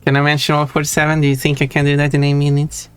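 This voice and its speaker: A woman with an exceptionally deep voice chats with a streamer over a call. She makes dry, offhand quips, with faint music playing behind her. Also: completely flat delivery, racing. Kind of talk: casual chat on a live stream.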